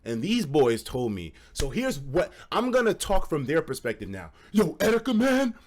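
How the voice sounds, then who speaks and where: A man's voice: medium pitch, huge pitch swings, moderate pace. A man streamer telling a casual story on a livestream, swearing freely, laughing mid-sentence and acting out his friends' lines.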